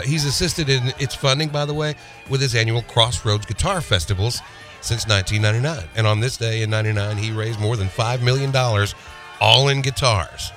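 A man co-hosting a weekend radio show, reading a comic bit in a mock-serious news voice. His tone is bright and forceful. His delivery is dry and wry, with light music playing faintly behind. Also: on the low side.

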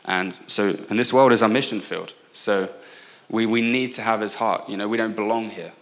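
A man in his twenties with an English accent, preaching as a guest speaker, earnest and prone to quick asides and restarts. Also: lowish voice, steady tone, fairly bright tone. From England. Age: 20s. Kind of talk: sermon.

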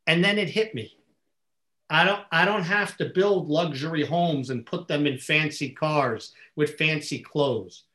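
A middle-aged man with a somewhat raised pitch tells stories earnestly and with animation. He acts out both sides of remembered conversations. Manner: earnest, animated storyteller who acts out dialogue. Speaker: guest. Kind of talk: storytelling in a podcast conversation.

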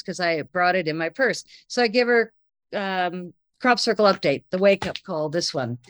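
A woman telling a personal anecdote in conversation, lively and breathless, acting out the lines of the people in it. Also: on the low side, moderate pace, no echo. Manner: lively, breathless retelling with acted-out quotes.

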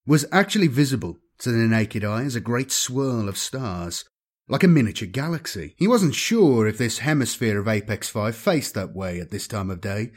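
A man reads a science-fiction novel aloud as its narrator. His voice sits at a middling pitch, and his delivery is measured and dramatic, the steady pacing of a scripted reading. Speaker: audiobook narrator.

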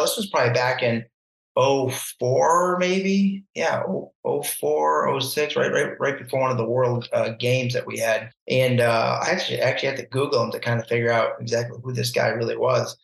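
A man tells a story as a podcast guest, chatty and animated, slipping into the voices of the people he quotes. His voice has an average pitch. The room around him gives a clear, roomy echo. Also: moderate pace. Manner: animated, acts out quoted voices, laughs often. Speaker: podcast guest, barefoot water skier. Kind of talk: casual storytelling.

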